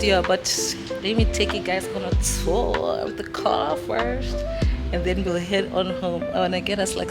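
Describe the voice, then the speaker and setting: A woman vlogging casually from a car and a dealership lot, emotional, laughing and tearful. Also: on the low side. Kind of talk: casual vlog chat. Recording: music playing clearly behind.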